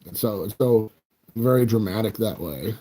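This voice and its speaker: A man's voice: fairly low pitch, animated, normal speed, dark tone. A man in his forties, from the United States, chatting casually with viewers in a rambling, joking, self-mocking way. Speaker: card collecting channel host.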